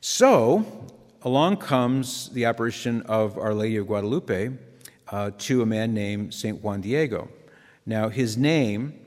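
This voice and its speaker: A man's voice: on the low side, animated, a little slow, a little mellow. A man giving a conversational, earnest sermon with digressive asides. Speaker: Catholic preacher. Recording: long hall reverb.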